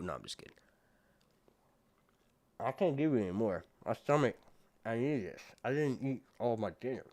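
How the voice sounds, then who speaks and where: A man's voice: medium pitch, big pitch swings, moderate pace, dry recording. A man, chatting casually on a livestream and talking to his dog as he goes. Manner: chatty, rambling, talks to his dog and viewers. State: out of breath. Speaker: livestream host.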